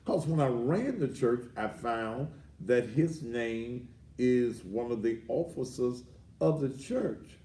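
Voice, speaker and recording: A man hosting a ranting commentary show, boisterous and rambling with sudden loud outbursts, heard on a distant mic. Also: medium pitch, lively intonation, takes it slowly, echoey room. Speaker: host.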